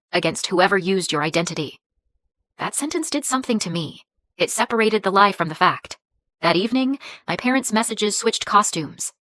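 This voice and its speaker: A woman narrating a first-person story in a measured, even way. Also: medium pitch, no room sound.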